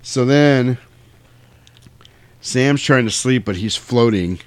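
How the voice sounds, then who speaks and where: A man's voice: mid-range voice, takes it slowly, smooth, no echo. A man hosting a casual chat, animatedly retelling a movie scene by scene. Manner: animated storyteller who acts out quotes.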